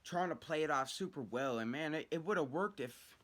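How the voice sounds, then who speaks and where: A man's voice: fairly high pitch, animated, moderate pace, fairly bright tone. Young man rambling through a storytime. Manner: rambling, heavy swearing, restarts. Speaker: storyteller vlogger. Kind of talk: casual storytime monologue.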